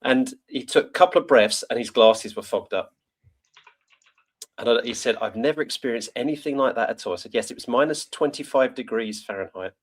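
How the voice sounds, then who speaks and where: A man from the UK, medium in pitch and slightly quick, hosts a podcast interview. He keeps things chatty and meandering, laughing a lot and often correcting himself.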